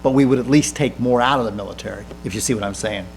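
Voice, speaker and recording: A man in his fifties, a senator and guest speaker, answering audience questions in a lecture room, earnest and halting with frequent restarts. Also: medium pitch, creaky, slight background noise.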